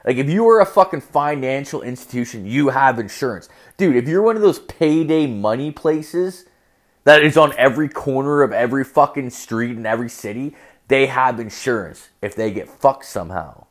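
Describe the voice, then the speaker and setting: A man's voice: medium pitch, animated, normal speed. A young man telling a profane, rambling story as a rant, full of fillers and crude asides.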